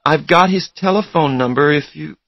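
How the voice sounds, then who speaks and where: A man's voice: on the high side, moderate pace, fairly bright tone, no echo, lo-fi sound, voice pushed up. A man reading a storybook, voicing a polite young woman who calls on a lawyer's behalf, formal and apologetic.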